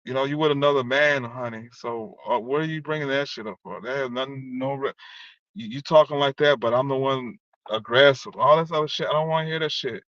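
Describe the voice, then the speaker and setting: A man's voice: medium pitch, fairly quick, fairly bright tone, no echo. A man vlogging a heated, rambling monologue, cursing and repeating the same filler as he talks to someone who wronged him. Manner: rambling, profane, keeps repeating "you know what I'm saying". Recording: dull lo-fi dry recording.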